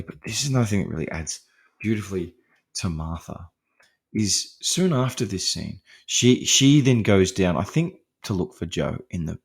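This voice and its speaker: Rambling man chatting about films. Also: lowish voice. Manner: rambling, with many fillers and restarts; amused, laughs lightly between points. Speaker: podcast host discussing horror films. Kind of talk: casual film discussion.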